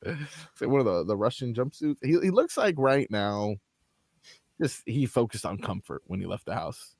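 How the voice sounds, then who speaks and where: Man, radio co-host, playful banter, lively pitch, dry studio mic. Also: normal speed, creaky, dry recording. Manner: playful, animated, laughing, teasing. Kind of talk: casual sports radio banter.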